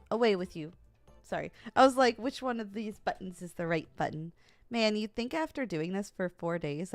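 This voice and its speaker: Young female streamer, casual and giggly, mid pitch, dry close mic, faint music bed. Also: dry recording. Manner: giggly, animated, talks straight to chat. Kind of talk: casual livestream chat with viewers.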